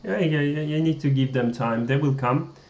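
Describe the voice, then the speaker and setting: A man's voice: fairly high pitch, moderate pace, background noise. A man from France with a French accent, co-hosting a chess live stream in English, with frequent laughs and a playful, teasing manner. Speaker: chess coach and co-host. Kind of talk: casual live-stream chat. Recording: roomy, dull lo-fi stream audio.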